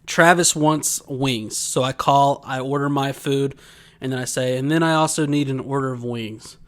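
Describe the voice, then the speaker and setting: A man's voice: mid-range voice, fairly even intonation, moderate pace. A man co-hosting a casual podcast, telling long rambling stories and laughing often. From Georgia, USA. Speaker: podcast co-host. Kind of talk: casual chat.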